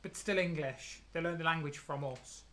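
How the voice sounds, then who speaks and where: A man's voice: on the high side, fairly bright tone. Teasing man on a live stream. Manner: chatty, teasing, quick to argue. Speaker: co-host. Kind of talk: casual live-stream chat.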